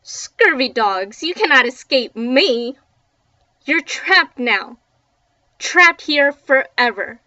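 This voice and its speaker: Woman doing a booming pirate ghost. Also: lively intonation, sharp tone, no room sound, heavily acted. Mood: roaring. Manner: slow, booming threats. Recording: dull lo-fi, distant from mic.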